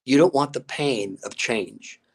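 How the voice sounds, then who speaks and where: A man's voice: medium pitch, a little slow. An older man, a grandfather and coach, telling stories in an interview with energy and acting out both sides of conversations. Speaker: guest, fitness coach. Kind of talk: animated storytelling in an interview.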